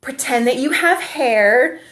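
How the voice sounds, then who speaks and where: Playful three-year-old girl , put on by a woman, bossy make-believe directions, a touch high. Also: animated, takes it slowly, fairly bright tone, exaggerated voice.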